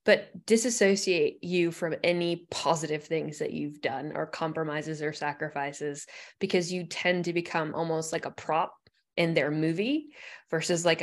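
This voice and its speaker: A woman in a casual podcast conversation who keeps checking for agreement with "right?". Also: deep voice.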